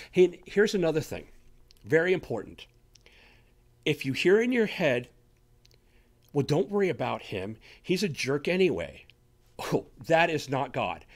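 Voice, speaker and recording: Animated man preaching to listeners. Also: on the high side. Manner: animated, talks straight to listeners with frequent "okay?". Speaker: radio show host teaching on faith. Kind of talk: conversational sermon.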